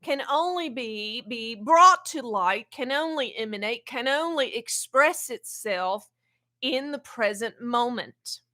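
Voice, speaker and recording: A woman channeling an ancient wise spirit in a spiritual teaching talk, speaking slowly and haltingly and often repeating words. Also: on the high side, animated, sharp tone, exaggerated voice. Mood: calm teaching. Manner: slow, halting, repeats words while searching.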